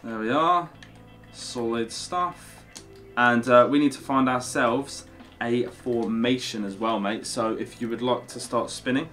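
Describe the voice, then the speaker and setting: A man's voice: mid-range voice, measured pace, fairly bright tone, faint music behind. A young man hosting a gaming video, chatty and upbeat, often calling his co-host "mate". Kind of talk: casual gaming video commentary.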